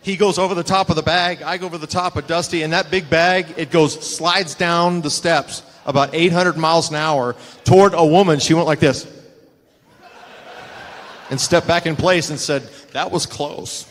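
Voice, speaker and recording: A man's voice: a little high, normal speed. A man in his sixties telling stories on stage at a live panel, acting out the voices of people he quotes. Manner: animated, acts out quoted voices. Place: stage in a large convention hall. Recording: roomy hall reverb.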